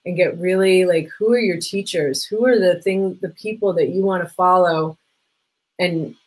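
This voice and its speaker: A woman's voice: lowish voice, moderate pace, darkish tone, low-quality recording. A middle-aged woman talking casually as a guest about parenting, chatty, with many "like" fillers, briefly acting out the people she quotes. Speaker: podcast guest, parenting coach. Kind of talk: casual conversation.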